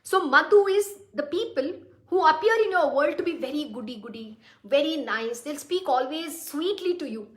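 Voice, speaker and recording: Blunt high-voiced woman teaching. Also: animated, moderate pace. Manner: blunt, direct, rhetorical questions. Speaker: spiritual teacher. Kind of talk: devotional discourse. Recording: roomy echo.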